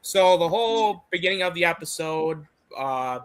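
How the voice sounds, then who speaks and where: A man's voice: a little high, animated, moderate pace, a bit bright, clear, resonant tone. A man co-hosting a casual review chat, retelling scenes in a rambling way with some swearing. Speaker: co-host.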